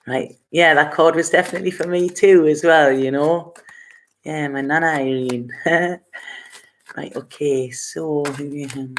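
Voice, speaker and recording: A woman's voice: sits low, steady tone, measured pace, slight background noise. Chatty woman doing a live tarot reading. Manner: chatty, rambling, laughs often. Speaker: tarot reader.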